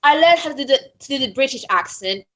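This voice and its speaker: A woman guest panelist in casual chat, telling lively stories and laughing often. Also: high voice, fast.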